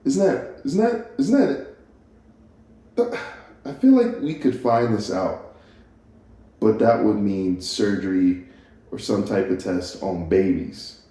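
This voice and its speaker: Guy rambling on his podcast, low mellow voice, super echoey room. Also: animated, slow pace, long pauses. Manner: rambling, self-interrupting, laughs at himself. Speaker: podcast host. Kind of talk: casual solo podcast musing.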